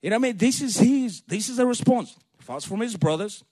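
A man's voice: high-pitched, lively intonation, brisk, mellow, no room sound, clean studio sound. A man giving an informal Bible teaching, talking conversationally and retelling scenes in casual slang. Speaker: preacher.

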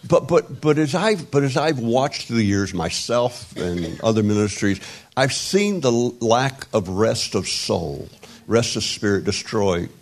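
A man in his sixties preaching an informal sermon, rambling and halting with many restarts and wry self-deprecating humor. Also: mid-range voice, lively intonation. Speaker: pastor.

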